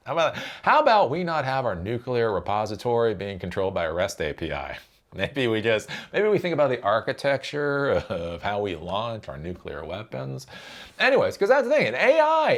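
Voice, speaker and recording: Sarcastic ranting man with lively pitch. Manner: sarcastic, profane, mocking; repeats phrases and rhetorical "right?". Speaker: tech commentary host. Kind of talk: ranting solo commentary.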